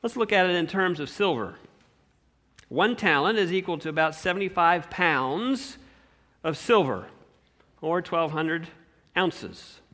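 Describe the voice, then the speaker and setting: High, bright-voiced male preacher. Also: a little slow, long pauses. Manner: animated, swings between loud emphasis and quiet asides. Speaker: pastor. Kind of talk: sermon.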